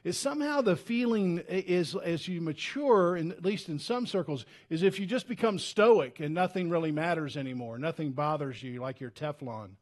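A male pastor preaching in a church with a fairly high-pitched voice. He talks in an earnest, conversational way, often restarting his sentences. His delivery swings from loud, urgent pleading down to hushed, heavy tones. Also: expressive, moderate pace, few pauses. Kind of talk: sermon.

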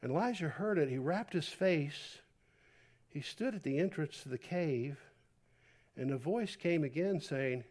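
A man preaching a sermon, dropping to a hush and then rising to near-shouts as he acts out a scripture story. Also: fairly high pitch, measured pace. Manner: animated, swings from hushed to loud. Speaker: pastor. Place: church.

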